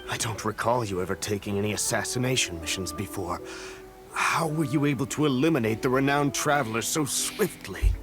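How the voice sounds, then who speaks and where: A man's voice: medium pitch, fairly quick, music in the background, close to an everyday voice. An actor playing a scheming government official in a game who gets caught and talks his way out. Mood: surprised.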